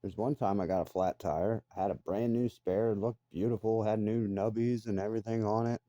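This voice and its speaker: A man's voice: lowish voice, steady tone, moderate pace, warm tone, no echo. A middle-aged man ranting bluntly and profanely in a casual monologue. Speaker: vlogger.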